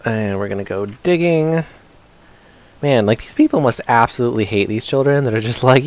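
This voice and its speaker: Man, game stream commentary, chatty, jokey, talks to the screen, middle pitch. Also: normal speed. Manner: chatty, self-mocking, talks to the game characters. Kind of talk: casual let's-play commentary.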